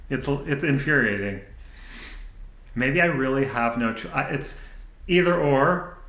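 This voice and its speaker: A man's voice: mid-range voice, bright, forceful tone, reverberant, poor audio. Self-mocking man rambling to camera. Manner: self-mocking, laughs often, talks back to his own thoughts. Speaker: channel host. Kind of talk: rambling unedited monologue. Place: indoor room, sitting at camera.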